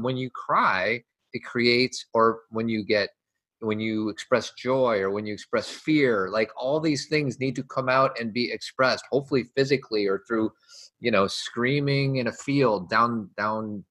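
An easygoing man speaks in a relaxed, conversational way. His tone is affectionate and unhurried as he chats with his partner and a group. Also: medium pitch. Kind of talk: casual conversational talk.

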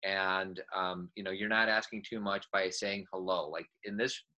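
A man's voice: low voice, steady tone, moderate pace, bright, forceful tone, lo-fi sound. A man co-hosting a podcast, giving reassuring parenting advice to a caller in a casual coaching manner. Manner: reassuring, coaching, speaks in restarts.

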